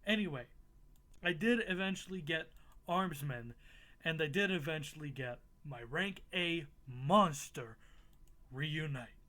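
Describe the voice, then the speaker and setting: A man's voice: on the high side, animated, a little slow, bright, forceful tone. Casual swearing young man recapping a game. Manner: casual, swears freely, self-mocking, laughs at himself. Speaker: gaming YouTuber. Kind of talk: casual playthrough recap narration.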